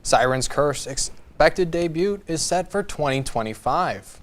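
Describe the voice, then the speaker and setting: A man's voice: a little high, animated, measured pace. Young man anchoring campus news. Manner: playful, hams up a pirate voice. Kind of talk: newscast reading and casual anchor banter.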